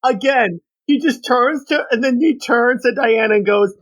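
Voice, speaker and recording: A man's voice: very high-pitched, moderate pace, a bit bright. A man co-hosting a podcast, enthusiastically reading comic quotes aloud in casual chat. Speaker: podcast co-host.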